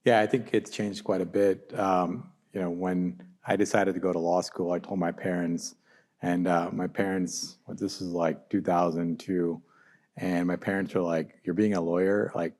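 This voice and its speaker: A man's voice: sits low, little pitch movement, normal speed, darkish tone. A man in his forties, speaking as an alumni panelist in a chatty storytelling way and laughing at his own anecdotes. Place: law school event room.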